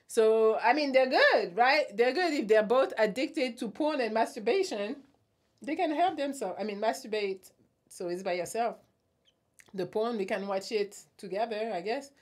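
A woman's voice: a little high, expressive, moderate pace. A young adult woman hosting a casual live stream, reading out viewer comments and answering them bluntly with a teasing tone. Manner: blunt, teasing, laughs often.

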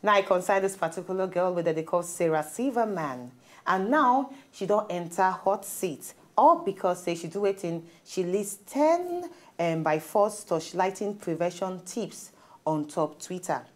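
A woman's voice: fairly low pitch, unhurried. A woman with a Nigerian accent hosting a studio talk show, chatting casually in pidgin and reading out stories. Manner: animated, laughs often, reads out stories.

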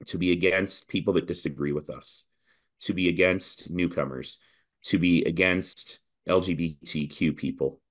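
A man from Canada, a political leadership candidate, talking in a podcast interview with an animated, persuasive campaign delivery and rhythmic repetition. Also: low voice.

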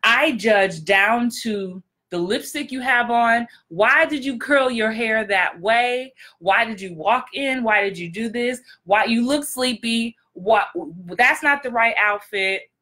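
Blunt, bright-voiced woman coach. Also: fairly high pitch, slow pace. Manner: very direct and blunt; frank, emphatic, repeats for effect. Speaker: acting coach. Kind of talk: motivational vlog talk.

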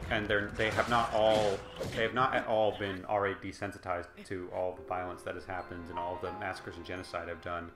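A man riffing as a let's play commentator, his talk meandering and sarcastic before climbing into heated, impassioned argument. His voice rings around a roomy space. Game music plays clearly behind him. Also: low voice, flat delivery, a little fast, few pauses. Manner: sarcastic, rambling, rising to impassioned. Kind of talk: casual game commentary rant.

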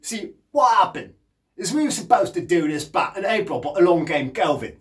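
A man's voice: high voice, sing-song, normal speed. A man playing a brash, boozy, scatterbrained male punk rocker, rambling cheekily in a comic monologue. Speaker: punk singer and guitarist. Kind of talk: comedic monologue in character.

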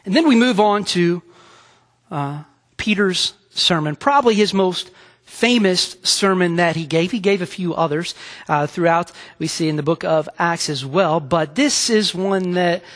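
A man preaching a sermon as pastor, earnest and halting, often restarting his phrases. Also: high-pitched, a bit bright. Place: church sanctuary. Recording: long hall reverb.

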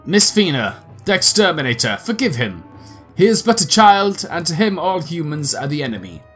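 A man doing a gruff demon father. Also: fairly high pitch, big pitch swings, normal speed, fairly bright tone, faint music behind. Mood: solemn. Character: gruff male demon general, proud fatherly warrior.

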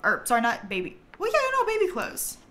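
A woman's voice: a little high, wildly swooping pitch, a little fast, background noise. A young woman streaming a life-simulation game, chatting casually, giggling and talking to the characters on screen. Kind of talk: casual gameplay commentary.

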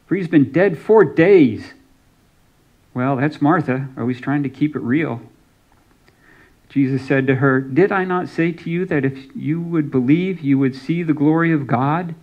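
A man's voice: medium pitch, highs cut off. A man preaching a sermon as pastor, reading scripture aloud and giving some lines dramatic emphasis.

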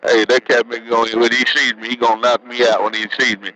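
A man's voice: mid-range voice, flat delivery, fast talker, pushed and bright, poor audio. A man bantering over CB radio, teasing and joking, tagging his lines with "man". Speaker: CB radio operator. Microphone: CB radio handset.

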